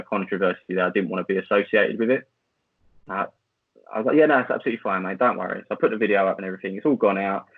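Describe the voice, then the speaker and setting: A man's voice: lowish voice, breathy edge, no room sound. A man, a podcast guest who tells a story in a rambling way, full of fillers and restarts. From Essex, England. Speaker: podcast guest, football video maker. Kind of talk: casual storytelling chat. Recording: tinny phone-like line, dry.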